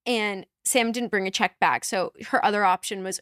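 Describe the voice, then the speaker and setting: A woman's voice: medium pitch, moderate pace, fairly bright tone, clean studio sound. A young woman as a podcast guest in casual chat, laughing often and echoing her friend. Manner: chatty, laughs often, echoes the host. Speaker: guest, best friend of host.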